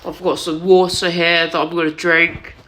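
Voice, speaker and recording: A vlogger, crying and sniffling while talking, halting and repeating themselves with many restarts, speaking into a wired earphone mic. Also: mid-range voice, flat delivery, sharp tone. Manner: halting, repetitive, many restarts and self-corrections. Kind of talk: emotional confessional vlog. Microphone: wired headset or earphone mic.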